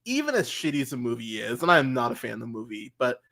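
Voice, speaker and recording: A man co-hosting a movie podcast, chatting casually and rambling excitedly through film scenes with lots of fillers and laughter. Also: mid-range voice, fast talker, gravelly. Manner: rambling, animated, laughs a lot, many "like" fillers. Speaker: podcast co-host. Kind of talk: casual film review chat.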